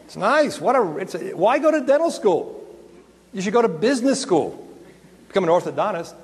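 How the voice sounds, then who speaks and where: A middle-aged man with a high voice gives a lively, joking lecture to a roomful of dentists. His voice rings out with a long reverb from the large hall. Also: moderate pace. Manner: animated, joking, swears and digresses. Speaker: dental emergency lecturer. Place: lecture room with an audience.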